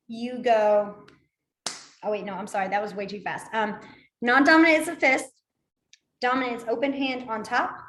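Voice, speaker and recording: A woman with a slightly high voice leads a beginner sign language class in a playful, chatty way. She acts out each emotion with her voice as she explains it. Her voice rings around an echoey room. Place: library meeting room.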